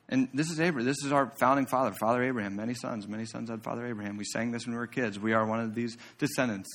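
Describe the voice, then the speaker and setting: A man's voice: medium pitch, a bit bright. Man preaching a casual sermon. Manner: conversational preaching with asides to the congregation. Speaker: pastor. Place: church.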